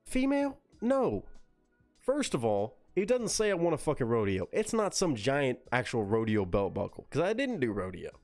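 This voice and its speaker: A Texan man tells stories on a casual live stream, cursing freely and mimicking people in quick put-on voices. His voice sits at a middling pitch, and faint music plays behind him. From Texas. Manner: profane, animated storytelling with mimicked voices. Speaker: streamer reading chat.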